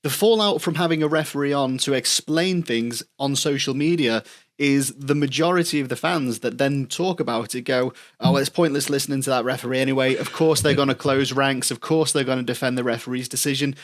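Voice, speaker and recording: A man's voice: medium pitch, fairly quick. A man hosting a refereeing podcast, chatting casually and building on his guest's points. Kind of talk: casual chat.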